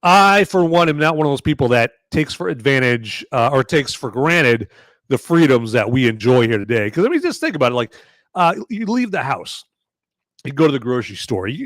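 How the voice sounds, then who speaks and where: A man's voice: on the high side, very animated, brisk, no room sound. A man hosting a live-stream movie review podcast, talking casually and rambling with lots of fillers and restarts. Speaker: podcast host.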